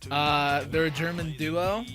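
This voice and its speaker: A man co-hosting a loose music podcast in a somewhat high voice. He is animated and keeps slipping into silly voices to act out what people say. Music plays clearly behind him. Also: a little slow. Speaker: podcast co-host. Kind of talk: casual music chat.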